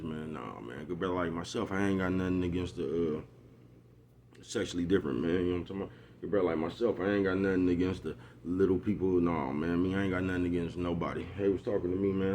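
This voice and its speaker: A man's voice: low-pitched, darkish tone, a little hiss or hum. A man vlogging a casual motivational monologue, rambling and repetitive in street slang. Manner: rambling, repetitive, street slang, keeps asking "you know what I'm talking about".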